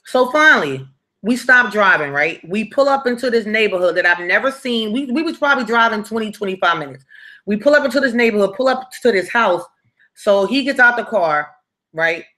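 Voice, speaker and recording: A young woman recounting her past with a bright, forceful voice. She tells it dramatically and keeps checking in with the viewer as she goes. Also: mid-range voice, animated, a little fast. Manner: dramatic and conversational, with frequent tag questions to the viewer. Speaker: storytime vlogger. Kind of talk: casual storytelling.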